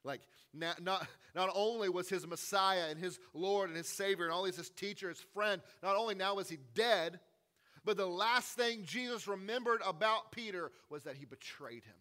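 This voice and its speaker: A male pastor delivering an Easter sermon in a bright, forward voice that sits a little high. He moves between relaxed, chatty asides and dramatic retellings of scripture that sink to a near hush. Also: normal speed. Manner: conversational preaching with casual asides.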